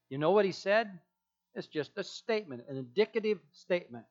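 A male pastor preaching with emphasis, returning again and again to his key phrases. His voice sits fairly high. The recording sounds dull and lo-fi. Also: expressive, fairly quick. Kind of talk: sermon.

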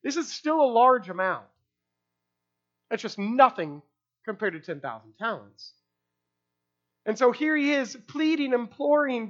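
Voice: mid-range voice, sing-song, slow pace, long pauses, a bit bright, muffled recording. A preacher giving an expository sermon in a conversational way, asking rhetorical questions and using casual fillers.

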